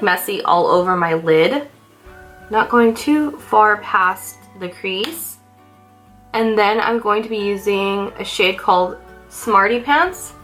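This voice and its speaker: A woman's voice: mid-range voice, a bit bright, rough recording. A young woman chatting casually through her makeup routine in a vlog, self-mocking and a little out of breath. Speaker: beauty vlogger. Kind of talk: casual get-ready-with-me makeup chat. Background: faint background music.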